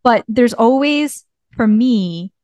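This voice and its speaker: A woman's voice: fairly high pitch, lively intonation, slow, no echo, clean studio sound. A woman co-hosting a church podcast, chatting casually and laughing often. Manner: warm-hearted, laughs often. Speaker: podcast co-host, church staff. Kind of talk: casual chat.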